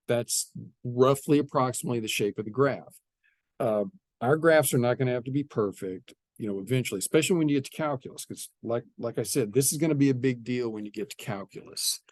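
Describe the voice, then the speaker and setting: A medium-pitched man teaches a math lesson as a classroom lecture, explaining step by step and often repeating his phrases. There's no echo.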